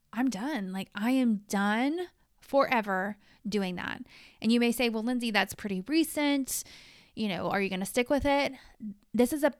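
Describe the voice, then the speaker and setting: Woman host, 30s, frank confessional monologue, smooth voice, close dry mic. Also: medium pitch, a bit bright, dry recording. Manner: frank and confessional, with casual swearing. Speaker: podcast host. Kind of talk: candid personal monologue.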